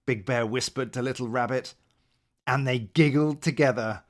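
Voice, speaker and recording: A man reading a bedtime picture book aloud as narrator, in a slow, gentle storytelling way. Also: mid-range voice.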